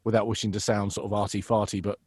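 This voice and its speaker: A voice actor and impressionist chats animatedly in a casual interview, dropping into voices mid-sentence amid many fillers and restarts. His voice is fairly low with a breathy edge and a quick pace, recorded at studio quality with no room sound.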